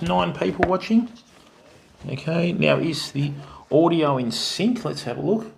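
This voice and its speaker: On the high side, with lively intonation and an unhurried, creaky delivery, an Australian fishing stream host chats with his live viewers over a noisy background. Friendly throughout, he greets them by name and calls people mate and bud.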